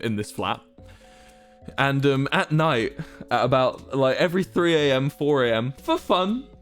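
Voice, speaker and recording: A man's voice: medium pitch, a bit bright. A young man streams and chats, his voice swinging up and down a lot as he tells a rambling anecdote. He is casual and self-amused, and a little music plays faintly under his talk. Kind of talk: casual storytelling to chat.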